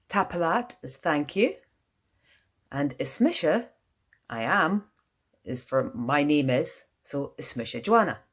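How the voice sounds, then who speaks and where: Woman, low husky voice, slow and varied delivery. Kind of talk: teaching phrases.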